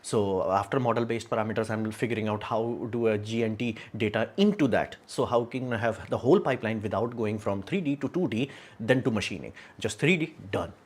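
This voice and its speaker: A man's voice: on the low side, brisk. A man hosting a casual livestream, talking frankly and rambling, with many fillers and frequent laughs. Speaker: livestream host.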